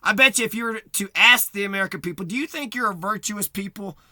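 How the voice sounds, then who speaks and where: A man's voice: sits high, fast, bright, forceful tone, dry recording, studio quality. A man delivering a profane, agitated rant to camera, repeating himself and swearing heavily. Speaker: vlogger.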